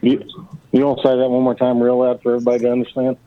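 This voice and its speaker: A man's voice: medium pitch, monotone, racing, phone-quality sound. A man joining a call-in show as a guest, joking and ribbing his friends in casual banter.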